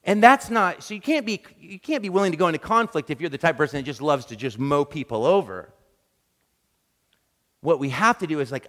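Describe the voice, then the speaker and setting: A man preaching a sermon, telling animated, self-deprecating stories and acting out quick quotes. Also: on the high side. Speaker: pastor. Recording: long reverb of a large hall.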